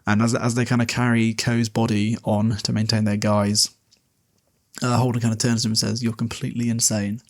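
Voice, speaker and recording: A man hosting a podcast, casually recapping a novel and reading passages aloud, with loose, laughing delivery and quick paraphrased quotes. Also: on the low side, level tone. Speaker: podcast host.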